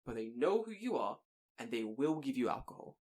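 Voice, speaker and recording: A man co-hosting a podcast in casual chat, telling a lively story, swearing casually and trailing off mid-sentence. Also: medium pitch, a little fast. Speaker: podcast co-host.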